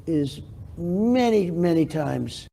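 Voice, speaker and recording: This older interview guest from New York brags and meanders through his answers, repeating himself as he circles back. The voice is very dark and gravelly yet slightly higher than typical for a man, with lively intonation and a slow pace.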